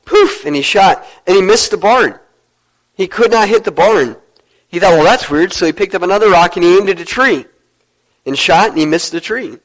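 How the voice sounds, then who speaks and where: Casual: pastor guy preaching, kinda high voice, earnest, goes low and slow on big points. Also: animated, poor audio. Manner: earnest, storytelling preacher who drops low to stress points. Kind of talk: sermon.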